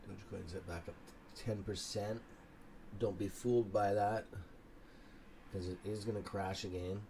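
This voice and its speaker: A man's voice: on the low side, steady tone, measured pace, noisy background. A tired, yawning man hosting a casual live stock market stream, rambling and swearing now and then. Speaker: stock trading livestream host.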